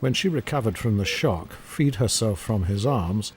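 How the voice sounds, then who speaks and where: A man narrating a horror story in a measured, grave manner. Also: on the low side, expressive. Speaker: audiobook narrator. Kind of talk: scripted narration.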